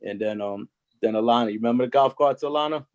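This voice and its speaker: A man's voice: mid-range voice, fast talker, a little mellow, poor audio. A man telling stories on a video call in a loose, rambling way, with many fillers and restarts. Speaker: former coaching colleague. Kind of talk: casual storytelling on a video call.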